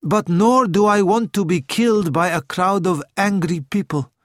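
A man's voice: sits high, moderate pace, no echo, clean studio sound, pitched above the performer's own voice, lightly acted. A man reading an audiobook and voicing a sad, anxious young prince with an earnest, pleading manner. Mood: troubled.

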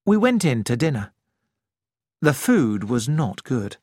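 A narrator reading an audiobook in a calm, measured, expressive manner. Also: medium pitch, dry recording, clean studio sound.

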